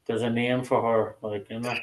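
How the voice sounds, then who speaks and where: A man chatting casually on a live stream, his voice sitting at a middling pitch. He rambles and swears at nearly every turn. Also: flat delivery, normal speed, crowd noise. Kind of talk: casual chat.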